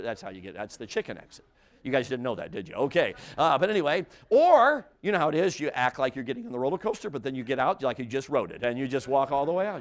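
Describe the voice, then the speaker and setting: Older guy preaching, lively up and down voice, keeps asking the crowd stuff, restarts a lot. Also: medium pitch. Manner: animated, audience-engaging, frequent restarts and asides. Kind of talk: sermon with humorous storytelling. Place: church before a congregation.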